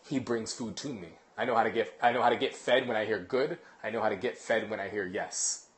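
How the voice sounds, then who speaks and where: A man voicing the thoughts of a loyal male pet dog, speaking calmly as though thinking out loud. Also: lowish voice, a little fast, close to an everyday voice. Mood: trusting.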